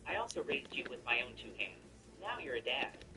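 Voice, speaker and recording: A man voicing an excitable older grandmother who dotes on her new grandchildren, scolding and gushing by turns. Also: mid-range voice, brisk, vocal fry, noisy background. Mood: doting. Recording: distant mic with background music.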